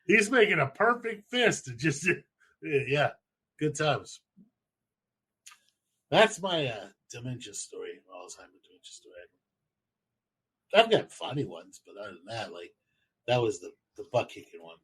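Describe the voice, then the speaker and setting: A man's voice: mid-range voice, expressive, unhurried, pauses often, a bit bright, slightly rough. A man telling stories in a loose, rambling and profane way as host of a casual chat show. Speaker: podcast host.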